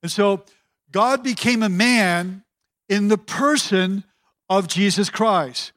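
High-voiced man preaching a sermon. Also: a bit bright. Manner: preaching with a long cadenced list, pausing on key words. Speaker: pastor.

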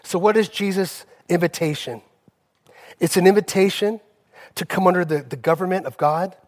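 A male pastor delivering a sermon, telling personal stories with emphasis and slowing down on key phrases. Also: sits high. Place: church sanctuary. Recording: long reverb of a church hall.

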